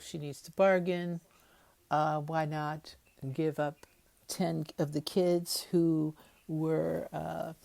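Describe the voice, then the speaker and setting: A woman's voice: deep voice, gravelly, mellow, no room sound. A woman giving a chatty, wry recap of a TV episode, with lots of fillers as she talks it through. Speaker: TV episode commentator.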